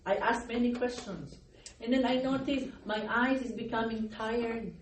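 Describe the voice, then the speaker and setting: A woman's voice: a little high, fairly even intonation, normal speed. A middle-aged woman pastor preaching a sermon, her voice worn from crying, calling out for amens and laughing between phrases. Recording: echoey room, distant mic, faint noise.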